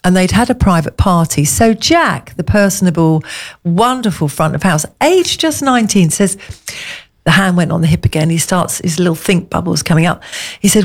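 A woman co-hosting a casual chat, telling rambling, animated anecdotes. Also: fairly low pitch, normal speed, gravelly. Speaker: co-host.

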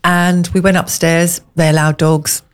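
A woman's voice: lowish voice, little pitch movement, a little slow, smooth. A middle-aged woman from England telling long, gushing stories as a radio co-host in casual chat. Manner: chatty, gushing storyteller.

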